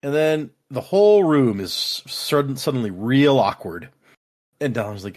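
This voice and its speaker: This man has a mid-range voice and a measured pace as he casually walks through book chapters for a podcast's book club chat. Animated throughout, he slips into playful voices to perform quotes from the scenes.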